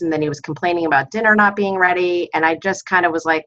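A woman's voice: fairly low pitch, steady tone, fast, hardly any pauses, sharp tone, lo-fi sound. A middle-aged woman calling in as a mother, telling a personal story in a candid, self-critical way. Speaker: caller, mother of a teenager.

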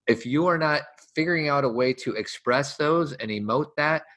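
An easygoing man speaks in a relaxed, conversational way. His tone is affectionate and unhurried as he chats with his partner and a group. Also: a little high. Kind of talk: casual conversational talk.

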